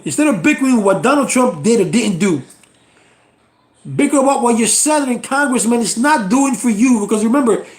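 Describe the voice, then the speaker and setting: Channel host, American man, middle-aged: high, fry-edged voice, blunt and profane political rant. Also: darkish tone, echoey room. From United States. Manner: blunt and exasperated, swears freely.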